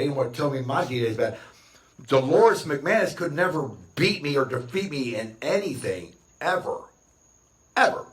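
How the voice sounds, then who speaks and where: Boastful ranting man, roomy and distant. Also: medium pitch. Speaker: vlogger. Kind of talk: rambling monologue to camera.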